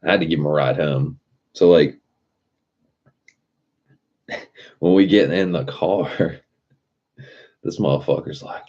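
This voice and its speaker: A man's voice: very deep voice, normal speed, long pauses, warm tone, breathy edge. A young man chatting casually on a live stream, telling a loose, profane story with frequent chuckles. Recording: dull lo-fi sound with faint music behind.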